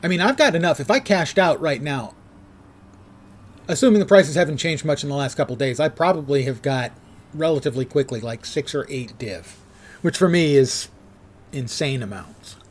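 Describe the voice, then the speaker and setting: A man's voice: on the high side, expressive, moderate pace. A man in his sixties streaming a game and chatting casually, with dry, self-mocking asides. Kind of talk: casual live gameplay chat.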